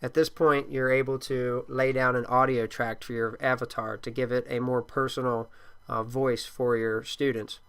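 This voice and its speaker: A man speaking into a computer microphone as he steps through a software tutorial. His voice is smooth and clear, and it stays level with little rise and fall. He sounds like a teacher giving plain, steady instructions. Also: mid-range voice, moderate pace. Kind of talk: screen-recorded software tutorial.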